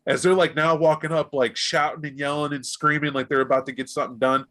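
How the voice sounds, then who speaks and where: Animated man running a tabletop game. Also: fairly high pitch, quick pace. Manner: animated, voices gang members in bursts. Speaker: game master. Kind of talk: narrating a tabletop role-playing game.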